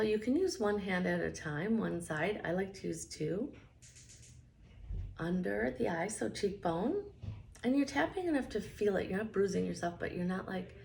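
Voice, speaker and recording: A woman coaching a guided tapping session, speaking calm affirmations for the listener to repeat after her. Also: mid-range voice, vocal fry, a little hiss or hum.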